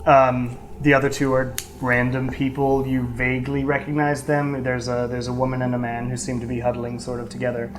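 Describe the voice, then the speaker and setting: A woman narrating as game master of a tabletop game, pausing often with ums as she describes scenes. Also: extremely low pitch, level tone, background noise. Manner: hesitant, many ums.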